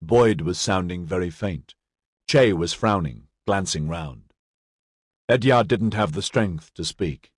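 A man reading scripted narration of a novel in a measured, dramatic way. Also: low-pitched, dry recording, studio quality. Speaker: audiobook narrator.

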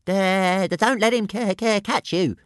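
A man's voice: high voice, measured pace, dry recording, clean studio sound, voice pushed up. A man voicing a small, cowardly male dragon who stammers on the first sounds of his words. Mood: coaxing.

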